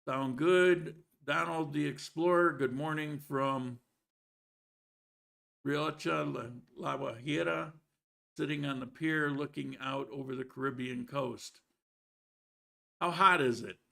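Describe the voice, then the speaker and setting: A man's voice: a little high, vocal fry, bright, forceful tone. A man hosting a live stream, greeting viewers by name and chatting casually with frequent restarts. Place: living in Colombia.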